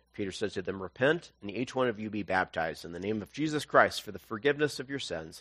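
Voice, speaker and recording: A male pastor preaching, who reads scripture and then retells it as an animated story full of voices. His pitch swings widely as he talks. The sound is dry and close, with no room echo. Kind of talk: sermon.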